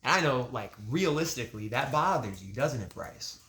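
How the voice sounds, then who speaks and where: A young man, a guest on a podcast, telling stories in an animated, casual way, laughing often and swearing freely. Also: medium pitch, normal speed.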